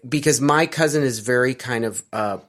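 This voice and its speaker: A man's voice: mid-range voice, normal speed, fairly bright tone. Middle-aged American man, casual interviewee, rambling delivery full of ums and restarts. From United States. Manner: rambling, with many fillers and restarts.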